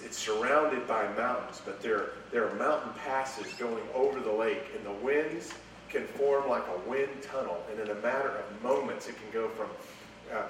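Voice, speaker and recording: A man preaching a sermon, animated, stumbling over repeated words, dropping to a hush and then rising high and loud. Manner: animated, repeats words, voice swings from hushed to raised. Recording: echoey room, voice from far off, faint noise.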